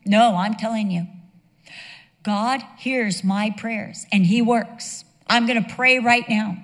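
A woman's voice: a little high, slow pace. A woman voicing her elderly mother with dementia, bewildered one moment and firmly sure of her prayers the next. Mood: insistent. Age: older. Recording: long reverb of a large hall.

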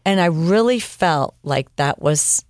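Low-voiced woman telling her story. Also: slow pace, dry recording, studio quality. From United States. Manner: animated storyteller, acts out quoted dialogue. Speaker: interview guest. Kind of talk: personal testimony in conversation.

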